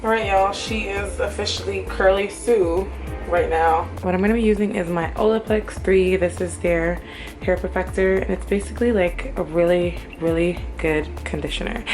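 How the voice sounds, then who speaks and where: A woman's voice: fairly low pitch, moderate pace, distant mic. A young woman and hairstylist talking candidly to camera in a casual vlog, chatty and full of "like". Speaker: hairstylist and vlogger. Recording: roomy echo, faint music.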